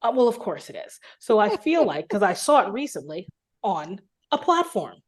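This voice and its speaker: A woman in casual conversation who teases her co-hosts in a lively way. Her voice sits at a middle pitch. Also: breathy edge. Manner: teasing, lively, quick to laugh. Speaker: podcast co-host. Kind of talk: casual chat.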